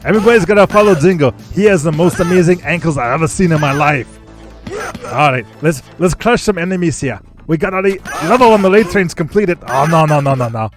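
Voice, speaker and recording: A man's voice: a little high, expressive, brisk, over music, natural voice. A man doing an impression of a bragging muscleman action-star governor with a put-on Austrian-German accent, on a gaming stream. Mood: pumped. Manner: boastful, heavy-accented, punchy phrasing.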